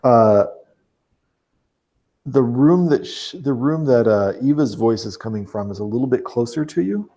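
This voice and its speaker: A man narrating a tabletop role-playing game as game master, talking haltingly with fillers and restarts. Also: mid-range voice, lively intonation, warm tone.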